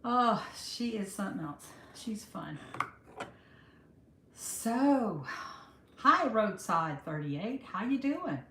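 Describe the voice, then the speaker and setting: A woman's voice: medium pitch, sing-song, slow, long pauses, bright, forceful tone, a little hiss or hum. Chatty woman in her sixties. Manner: chatty, affectionate, calls viewers honey. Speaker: livestream host. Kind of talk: casual live chat greeting viewers. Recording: roomy echo.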